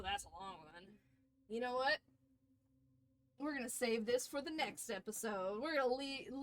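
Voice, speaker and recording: Higher-voiced woman streamer reading game lore. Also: fairly bright tone. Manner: stumbles and restarts words while reading, giggly. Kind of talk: reading game lore aloud, casual chat. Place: home, at her computer.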